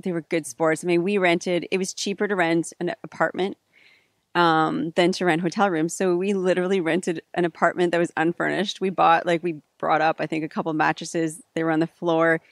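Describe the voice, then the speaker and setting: A woman with a slightly low voice reminisces in a casual chat, animated and quick to laugh, with plenty of "like"s. Her voice is dry and close to the mic, with no room sound. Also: no echo. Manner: animated, laughs easily, says "like" often. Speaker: co-host, filmmaker.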